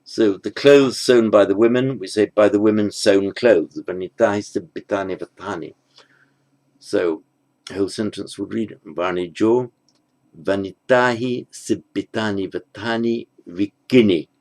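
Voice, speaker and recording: A man with a low, gravelly voice explains grammar step by step. He speaks slowly and deliberately, pausing to think aloud as he works through each exercise. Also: a little mellow. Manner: slow, methodical, thinking aloud with pauses. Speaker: language teacher. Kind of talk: spoken grammar lesson.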